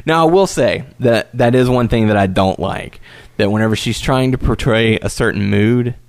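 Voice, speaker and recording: A man's voice: medium pitch, moderate pace, no room sound. A man co-hosting a casual podcast about wrestling, talking animatedly and with some swearing. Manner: animated, profane, acts out quotes. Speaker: podcast co-host.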